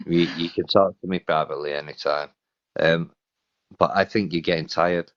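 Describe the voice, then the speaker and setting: A man's voice: sits low, steady tone, normal speed. A British man hosting a live stream, chatting casually and hesitantly, often restarting his sentences. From Britain. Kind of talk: casual chat. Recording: dull lo-fi live stream audio.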